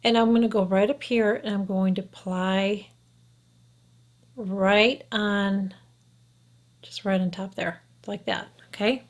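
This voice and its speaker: A woman's voice: mid-range voice, fairly even intonation, takes it slowly, pauses often. Chatty middle-aged woman doing a makeup tutorial. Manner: chatty, frank, keeps checking in with "okay?"; talks while applying makeup, sometimes drops to a whisper. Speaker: beauty vlogger.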